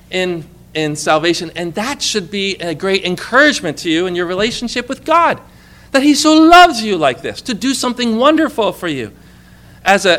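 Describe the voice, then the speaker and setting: A man preaching a sermon in a conversational way, often putting questions to the congregation and reading scripture aloud slowly and with emphasis. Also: high-pitched, sharp tone.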